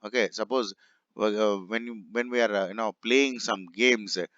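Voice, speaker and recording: A man's voice: fairly low pitch, fairly even intonation, moderate pace, a bit bright, no room sound. A man teaching a grammar class, explaining patiently and saying each example sentence twice. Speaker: English teacher. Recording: dull, muffled lo-fi recording.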